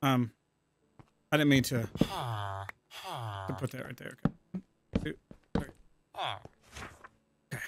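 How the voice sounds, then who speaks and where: A man's voice: mid-range voice, fairly even intonation, slow pace, long pauses, background noise. A man giving casual, profane, exasperated commentary while playing a game and talking to himself. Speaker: gaming channel host.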